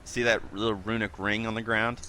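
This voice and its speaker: A man's voice: on the low side, little pitch movement, brisk, sharp tone, a little hiss or hum. A man running a tabletop game as game master, talking casually and loosely with lots of fillers.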